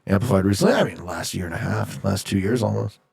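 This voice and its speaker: A male streamer from Canada chatting casually with his viewers while he plays. His voice is gravelly and a little husky, and his pitch swings up and down a lot. He reads chat messages out loud and cracks jokes in reply. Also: lively intonation, fast. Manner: jokey, reads viewer chat aloud and answers.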